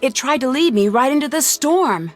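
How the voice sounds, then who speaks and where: A determined young sleuth in a mystery video game. She talks politely and plainly, with a slightly high voice. Faint game music sits behind her. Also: lively intonation, normal speed. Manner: polite, earnest and matter-of-fact.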